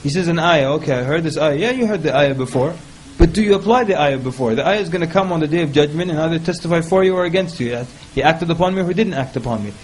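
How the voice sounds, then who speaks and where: A man speaking on a panel, giving advice in a lively, humorous way and mimicking people in quick quoted asides. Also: a little high, a little hiss or hum, low-quality recording. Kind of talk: casual panel talk.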